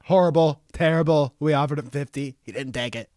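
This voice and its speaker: A man's voice: mid-range voice, fairly even intonation, fast, no room sound, studio quality. A man with a Southern US accent hosting a morning show, swearing and joking as he reacts to a clip. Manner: joking, rambling, laughs often and swears freely. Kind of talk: profane reaction commentary on a clip.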